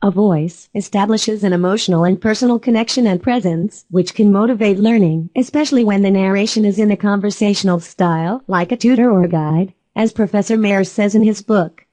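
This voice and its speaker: A synthetic female voice giving a calm, explanatory scripted lesson narration. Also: medium pitch, a little fast, hardly any pauses, no room sound.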